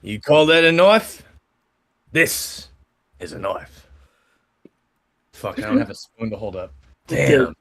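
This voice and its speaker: A man's voice: medium pitch, sing-song, slow, long pauses, a bit bright, heavily acted. A man voicing a dwarf bartender man in a mock Australian accent, joking and playful.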